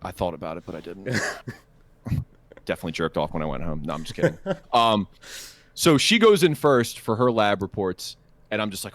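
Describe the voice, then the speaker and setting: A young man tells a crude, profane story on a podcast, rambling and stammering as he goes. His pitch sits low, but his delivery swings up and down a lot. The sound is close and dry. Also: animated, normal speed, no room sound. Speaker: podcast co-host. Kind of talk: casual storytelling chat.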